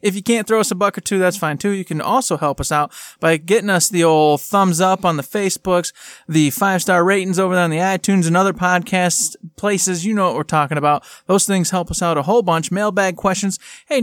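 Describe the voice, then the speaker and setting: A man's voice: sits high, fairly bright tone, no echo, clean studio sound. A man co-hosting a podcast in a casual, goofy and playful way, laughing often. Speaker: podcast co-host.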